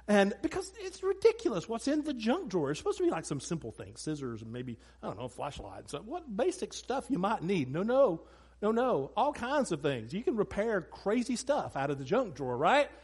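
A pastor preaches from a church stage with a high, brisk voice carrying a breathy edge. He's an animated, funny storyteller, sharing comic family tales and speaking straight to the congregation.

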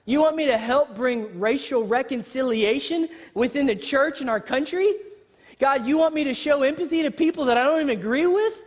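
Sermon bit: a woman doing a fretful believer, whiny and protesting, raised pitch. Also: moderate pace, big-room sound, natural voice. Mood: exasperated. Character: anxious, exasperated churchgoer arguing with God.

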